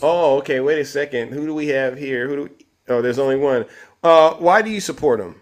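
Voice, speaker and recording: A man's voice: mid-range voice, fairly quick. A man hosting a live stream, arguing with callers and talking to his chat audience. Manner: combative, addresses chat and audience. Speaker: livestream host.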